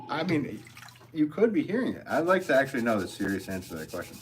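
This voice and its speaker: A man's voice: mid-range voice, sing-song, fast, a little hiss or hum. A man, a potter hosting a livestream, talking loosely in a casual, rambling way and reading viewer comments aloud. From American Northeast.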